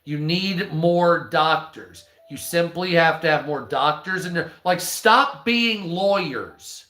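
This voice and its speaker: A man's voice: on the high side, unhurried, fairly bright tone, echoey room. A man giving casual, rambling commentary on news articles, swearing freely and drifting into offhand asides.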